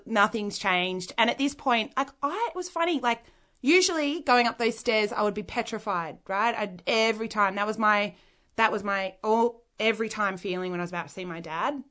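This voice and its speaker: A woman's voice: medium pitch, fairly bright tone. Frank Australian woman telling her story. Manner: rambling and frank, heavy use of "like" fillers. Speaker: interview guest. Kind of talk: candid personal storytelling.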